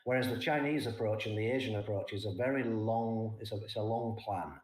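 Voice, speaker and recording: An older man giving plain, casual market talk as a trading guest, often ending his points with a quick "right?". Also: on the low side. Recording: echoey room.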